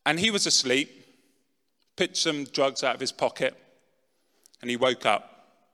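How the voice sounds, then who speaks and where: A middle-aged man giving a dramatic personal testimony talk, swinging from loud, pushed lines to hushed ones. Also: medium pitch, expressive, a little slow. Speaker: speaker telling his testimony. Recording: long reverb in a large hall.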